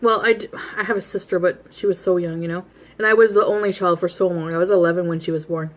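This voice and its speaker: A woman's voice: fairly low pitch, fairly even intonation, quick pace. A woman vlogger in her thirties, bluntly telling a rambling story about herself, laughing at herself while she eats. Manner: eating while talking. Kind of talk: casual storytelling.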